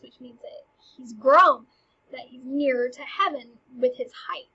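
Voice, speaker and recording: High husky-voiced woman explaining a play. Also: fairly even intonation, slow pace, bright, forceful tone, lo-fi sound. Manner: chatty and eager, retells lines with "he's like". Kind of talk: casual scene-by-scene explanation.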